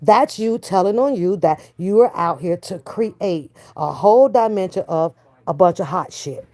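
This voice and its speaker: An older woman with a fairly low, expressive, slightly mellow voice hosts a reaction livestream at normal speed, in casual commentary. She trades blunt, profane trash talk, then switches to doting baby talk to coo at her toddler grandson. The recording is dry.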